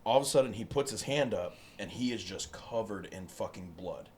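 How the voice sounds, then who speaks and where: A man in casual podcast chat, a profane, animated storyteller. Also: on the low side, brisk, a crowd in the background.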